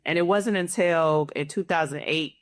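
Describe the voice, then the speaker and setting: Woman panel guest, deep voice, candid and thoughtful. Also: moderate pace. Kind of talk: casual personal sharing.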